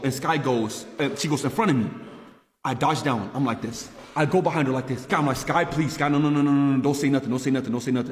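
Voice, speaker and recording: High, animated man with echoey sound. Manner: animated, swings between loud outbursts and hushed asides. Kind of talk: animated storytelling to a stream chat. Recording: echoey, roomy reverb.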